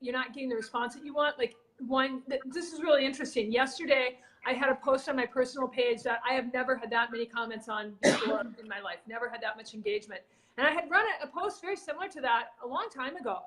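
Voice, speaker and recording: A woman's voice: high-pitched, quick pace, a bit bright. A woman co-hosting a casual live video chat on marketing, rambling with fillers and restarts. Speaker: marketing coach and co-host.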